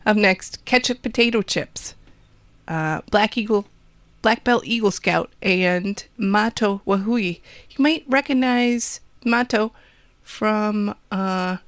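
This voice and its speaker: A woman's voice: mid-range voice, slow, dry recording. A woman with a Wisconsin accent hosting a college radio show, rambling and joking about herself between songs. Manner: rambling, jokey, self-deprecating. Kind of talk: casual radio DJ chat.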